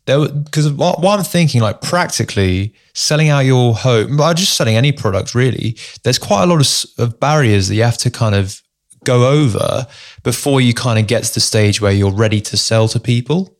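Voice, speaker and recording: A male podcast host asking questions in a relaxed, chatty way, often saying "actually" and "mate.". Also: medium pitch, moderate pace. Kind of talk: casual podcast interview.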